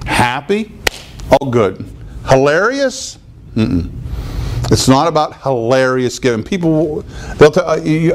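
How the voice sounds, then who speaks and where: A man preaching a conversational sermon, now and then mimicking others in a high, exaggerated voice. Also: background noise. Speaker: pastor.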